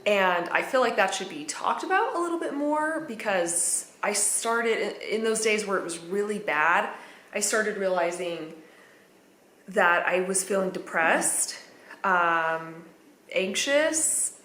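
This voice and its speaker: A woman's voice: medium pitch, lively intonation, unhurried, fairly bright tone. A woman vlogging a candid personal account in a chatty way, with fillers and nervous little laughs. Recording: echoey room.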